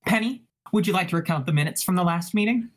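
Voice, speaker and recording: A woman's voice: lowish voice, fast, lightly acted. A woman voicing a bossy young woman who chairs a meeting in an officious, chirpy manner.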